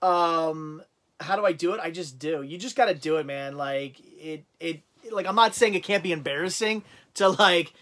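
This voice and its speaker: A man hosting a casual livestream, telling stories in a rambling, animated way with lots of restarts. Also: fairly high pitch, moderate pace. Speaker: livestream host.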